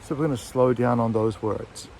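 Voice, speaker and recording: A man talks through an English lesson in an easygoing, chatty way while walking his dog beside a river. His voice sits at an ordinary middle pitch, and faint traffic hums in the background. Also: normal speed, creaky. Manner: chatty, relaxed, with frequent fillers and self-corrections. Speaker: English teacher and textbook author. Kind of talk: casual outdoor video lesson. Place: outdoors by a city river.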